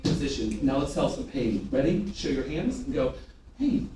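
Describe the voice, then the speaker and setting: A man's voice: medium pitch, lively intonation, normal speed. A man leading a sales training session, commanding and drilling the audience with call and response. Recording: echoey room from a distance, faint ambience.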